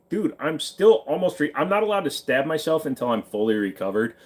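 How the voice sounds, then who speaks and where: A man's voice: fairly high pitch, very animated, fairly quick. A man from Virginia casually answering live chat questions, offhand and swearing freely, while sitting in a friend's pawn shop.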